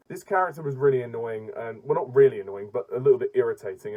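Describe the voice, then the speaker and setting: A man's voice: mid-range voice, warm tone, low-quality recording. Exasperated man ranting about a film. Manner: blunt and exasperated, with frequent restarts and stumbles. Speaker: film reviewer. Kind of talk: casual movie rant.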